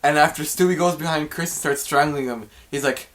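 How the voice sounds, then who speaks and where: A young man co-hosting a casual podcast, blunt and deadpan in his replies. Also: a little high, brisk. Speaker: podcast co-host. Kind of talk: casual joking chat.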